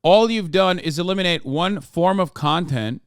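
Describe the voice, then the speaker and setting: Male streamer in his thirties, fairly high voice, smooth and dry; heated, profane reaction rant. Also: normal speed, no echo.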